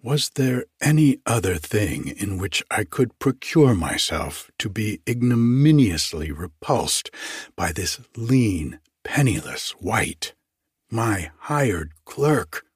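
A man reading a classic story aloud as narrator, with a deliberate, formal storytelling manner. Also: on the low side, big pitch swings, slightly rough, no room sound, studio quality. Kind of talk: audiobook reading of classic fiction.

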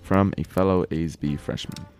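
Very deep-voiced Californian man hosting. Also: normal speed, soft background music. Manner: relaxed, fills speech with "like". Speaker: podcast host. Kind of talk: casual chat.

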